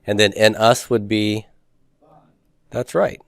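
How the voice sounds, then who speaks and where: A man's voice: lowish voice, flat delivery, slow, creaky, dry recording, clean studio sound. A man teaching a Hebrew grammar class, patiently asking students questions and confirming their answers.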